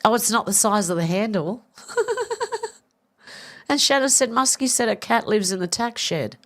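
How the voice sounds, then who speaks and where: A woman's voice: medium pitch, lively intonation, fairly quick, a bit bright. Chatty woman in her fifties. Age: 50s. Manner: chatty, swearing, laughing and confused over a joke. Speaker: livestream host reading chat. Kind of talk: casual live chat.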